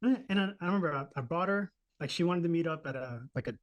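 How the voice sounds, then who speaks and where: In a casual podcast chat, a man in his thirties tells a personal story, profane and animated, acting out the voices of the people involved. He talks fast with a fairly high pitch, and the sound is lo-fi.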